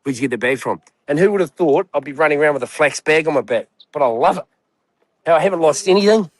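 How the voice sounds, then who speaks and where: Excitable New man, bright dry voice. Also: a little high, fast talker, no echo. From New Zealand. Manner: excitable storyteller, blunt and candid. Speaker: guest. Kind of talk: casual chat.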